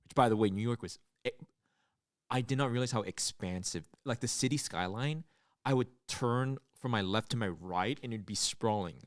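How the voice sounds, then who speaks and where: A young man co-hosting a comedy podcast, telling stories in a casual chat and acting out loud outbursts. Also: medium pitch, moderate pace, dry recording, clean studio sound. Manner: animated storyteller, acts out loud outbursts. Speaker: podcast co-host.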